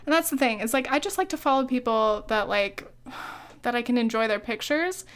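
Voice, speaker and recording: A woman's voice: fairly high pitch, normal speed, fairly bright tone. Chatty, profane young woman podcasting. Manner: chatty, profane, laughs often, filler-heavy. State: hiccuping. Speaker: podcast host. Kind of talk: solo casual podcast monologue.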